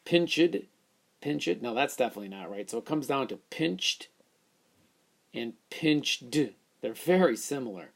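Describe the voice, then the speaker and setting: A man's voice: medium pitch, expressive, moderate pace, fairly bright tone. A male teacher explaining a phonics lesson, sounding words out and thinking aloud as he works through each one.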